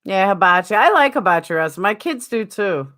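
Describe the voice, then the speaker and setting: A woman's voice: medium pitch, lively intonation, brisk, a bit bright. A woman with a New York accent chatting casually on a live stream, answering viewers by name.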